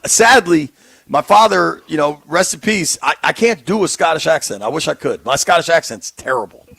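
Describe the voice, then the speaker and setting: A man's voice: a little high, animated, moderate pace, creaky, fairly bright tone, husky, dry recording. A man co-hosting a sports radio show, chatting casually with frequent ums and easy laughter. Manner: laughs easily, hesitant with fillers. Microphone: studio microphone.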